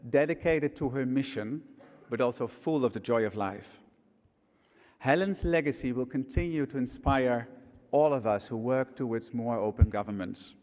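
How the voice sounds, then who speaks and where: Male conference speaker, mid-pitched, earnest memorial address, reverberant hall sound. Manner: earnest, measured, warm remembrance. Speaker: conference speaker, program chief. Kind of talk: memorial tribute speech on stage. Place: large conference hall stage.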